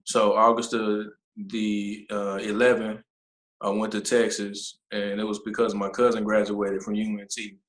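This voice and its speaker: A man, a nonprofit founder, telling a personal story in an interview, halting and pausing often with fillers. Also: on the low side, level tone, reverberant, rough recording. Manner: halting, with many pauses and fillers.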